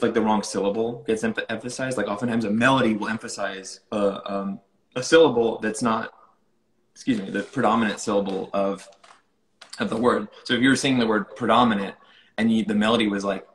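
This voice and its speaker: A young man with a lowish voice talks loosely through his thoughts in a casual interview. He keeps restarting sentences and leaning on filler words. The room around him has a noticeable echo. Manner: rambling, many "like" fillers and restarts. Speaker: musician being interviewed.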